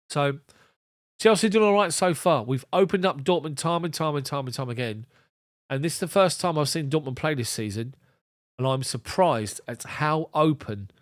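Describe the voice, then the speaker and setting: A man's voice: a little high, dry recording, studio quality. A man giving casual live football commentary from a fan's point of view, chatting to his viewers and reading out their messages. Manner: chatty, rambling, addresses viewers by name.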